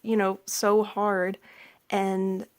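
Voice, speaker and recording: A woman's voice: medium pitch, level tone, extremely slow. A young woman in her twenties, a pet vlogger chatting casually at home beside a cage, rambling with many fillers and a little out of breath. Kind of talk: casual chat. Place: indoors at home by an animal cage.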